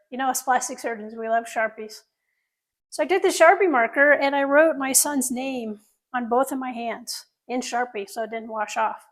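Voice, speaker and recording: High-voiced woman telling a candid story. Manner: earnest, candid storytelling with audience asides. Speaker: plastic surgeon telling her story. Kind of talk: personal story told to an audience.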